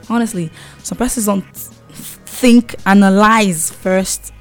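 A young woman with a mid-pitched voice talks straight to her viewers about growing up. She is emphatic and repeats key words. She keeps checking in with a quick "okay?", and faint music plays underneath. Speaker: vlogger. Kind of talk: casual advice monologue.

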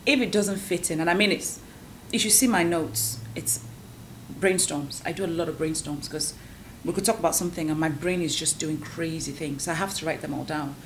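A middle-aged woman, a guest entrepreneur, chatting casually and telling animated stories full of quoted voices. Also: low voice, a little fast, slight background noise, poor audio. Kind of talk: casual podcast chat.

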